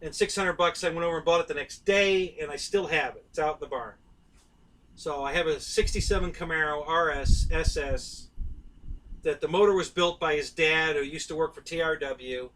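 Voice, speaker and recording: A man's voice: a little high, normal speed, a bit bright, far from the mic, low-quality recording. A middle-aged man, hosting a casual live stream and rambling to his viewers by name.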